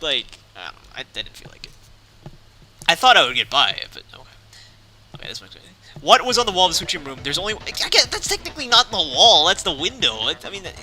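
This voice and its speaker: A man's voice: on the high side, sharp tone. A young man casually playing through a visual novel, reading the text aloud, rambling, correcting himself and laughing often. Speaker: let's play host.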